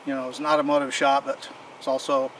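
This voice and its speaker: With a distant mic catching clear outdoor noise, a man talks fast in a monotone, medium-pitched voice. He's showing off his old bicycles in a casual, rambling, folksy way, sharing stories as he goes.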